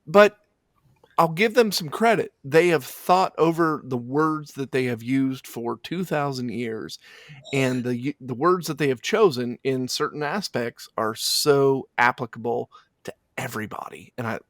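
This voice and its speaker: A man who works as a funeral director talks through his work slowly and thoughtfully, stopping and restarting his sentences. His voice sits at a middle pitch. The recording is dry and close, with no room sound. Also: no echo. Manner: halting and reflective, with frequent restarts. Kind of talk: casual interview chat.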